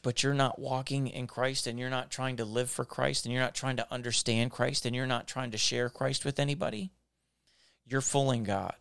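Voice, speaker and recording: A man's voice: mid-range voice, vocal fry, a bit bright, no echo, clean studio sound. A man hosting a devotional podcast, preaching in repetitive, building exhortations. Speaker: podcast host.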